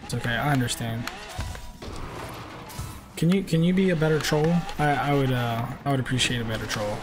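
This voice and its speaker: Streaming a racing game, a man in his twenties talks a little fast in a mid-range voice, with music and loud engine sounds behind him. He keeps it casual and brash, cursing and sparring with chat trolls.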